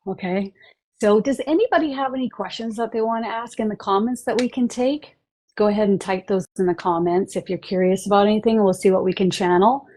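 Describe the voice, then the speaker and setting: A woman hosting a livestream about channeled spiritual messages, earnest and halting, with many fillers. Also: mid-range voice, darkish tone, low-quality recording.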